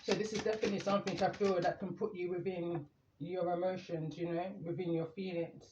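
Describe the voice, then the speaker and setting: A man doing a calm, meandering tarot reading, reading the cards aloud as he draws them. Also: high-pitched, brisk, noisy background. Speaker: tarot reader. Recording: echoey room, muffled lo-fi sound.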